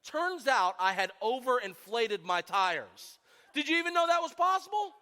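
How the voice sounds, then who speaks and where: A male pastor jokes at his own expense during a sermon, his voice high and bright and swinging widely in pitch. The sound rings with the long reverb of a church sanctuary. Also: moderate pace, clear, resonant tone. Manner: self-deprecating, animated. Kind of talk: humorous sermon storytelling.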